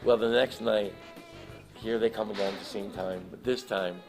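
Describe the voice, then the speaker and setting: A man telling an animated, emotional anecdote as a guest in a live interview, acting out the people in his story. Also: lowish voice, normal speed, music in the background. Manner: emotional, laughs while telling. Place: live event in front of an audience.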